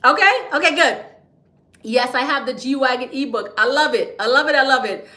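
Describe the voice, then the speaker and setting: A woman hosts a casual livestream, chatty and quick to laugh. Her voice sits high and sounds bright. The room around her is echoey. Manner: chatty and playful, laughs often, drops into a whisper to share tips. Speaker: livestream host teaching business credit. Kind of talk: casual livestream talk to viewers.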